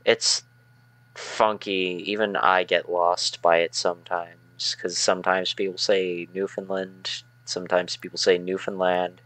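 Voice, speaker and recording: Low-voiced Canadian man, relaxed. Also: unhurried, rough recording. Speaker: streamer. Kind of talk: casual chat while gaming.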